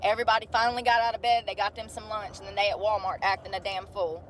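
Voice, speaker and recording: A woman in her thirties vlogs amid noisy outdoor street ambience, with soft background music, speaking quickly in a flat, mid-range voice that's a bit bright. It's casual chat: she rambles bluntly and swears freely while telling stories.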